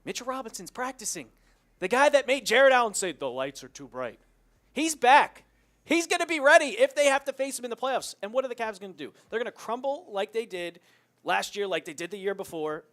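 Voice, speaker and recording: A man with a high voice that swings widely in pitch, talking sports as a co-host. He is animated and excitable, and he is quick to mock. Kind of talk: sports talk show.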